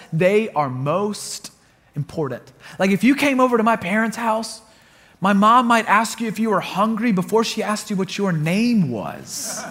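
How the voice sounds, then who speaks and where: A man preaching a sermon in a lively storytelling manner, repeating words for emphasis. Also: very high-pitched. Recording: long reverb of a big hall.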